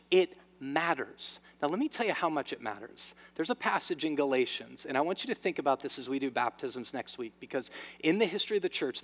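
A man preaching a sermon to his church, swinging between loud emphasis and hushed lines. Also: on the high side. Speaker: pastor. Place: church sanctuary. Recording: long reverb of a large hall.

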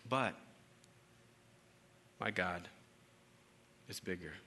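A man preaching a conversational sermon as pastor, rising to loud emphasis and dropping to hushed lows. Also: very slow. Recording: hall reverb with faint room ambience.

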